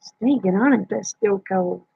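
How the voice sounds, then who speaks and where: A woman chats with late-night viewers in a folksy, teasing manner. Her voice is husky with some vocal fry. The recording is dry and dull, like lo-fi stream audio. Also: mid-range voice, measured pace, dry recording. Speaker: livestream host. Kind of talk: casual late-night livestream chat with viewers.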